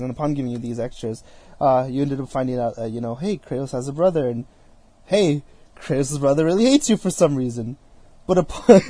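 A young man giving a casual, rambling spoken review of a video game, full of fillers and restarts, acting out scenes in quick asides. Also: medium pitch, warm tone, no echo.

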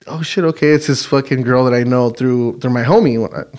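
A man with a mid-range voice talks casually with his friend on a podcast, swearing easily and telling a loose, rambling anecdote. He sounds relaxed and unhurried. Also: medium pitch. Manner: laid-back, profane, laughs often. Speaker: podcast co-host. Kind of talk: casual banter and storytelling.

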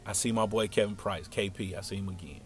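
Soft music plays behind a young man whose voice is on the low side and fast. Animated and slangy, he tells a funny personal story and performs every line of dialogue himself.

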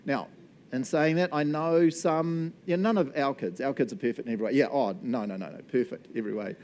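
Middle-aged Kiwi pastor, man, mid-pitched, animated storyteller in a sermon, faint rumble underneath. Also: brisk. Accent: New Zealand. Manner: animated storytelling, laughs often.

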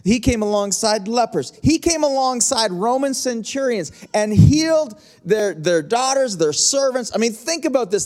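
A middle-aged man preaching a sermon as pastor, in a conversational, repetitive style that slows down to stretch key lines. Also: high-pitched, a little mellow.

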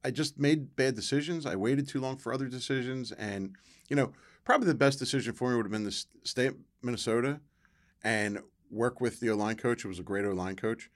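A middle-aged man, a former football player, telling his story as a guest in a casual interview, acting out quoted voices with bursts of excitement. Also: medium pitch, fairly quick.

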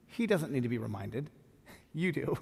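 A pastor preaching a sermon and reading scripture aloud with feeling. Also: male voice, medium pitch, normal speed, vocal fry, husky. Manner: expressive, reads scripture with feeling. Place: church hall. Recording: long hall reverb.

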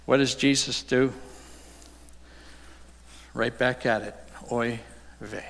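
A man preaching a sermon as pastor, earnest, climbing sharply in pitch when he voices rebukes. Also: steady tone, slow pace, pauses often, a bit bright. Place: church sanctuary. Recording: long hall reverb.

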